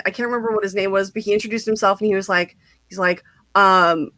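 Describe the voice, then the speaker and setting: A woman's voice: mid-range voice, brisk, bright, forceful tone, dry recording. A woman hosting a casual livestream interview, telling stories in a bubbly, giggly way with lots of "like". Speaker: host.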